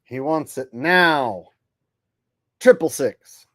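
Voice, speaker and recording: A man's voice: medium pitch, lively intonation, drawn-out words, no room sound, studio quality. A man hosting a livestream, crude and joking, laughing between remarks. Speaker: livestream host. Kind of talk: casual commentary.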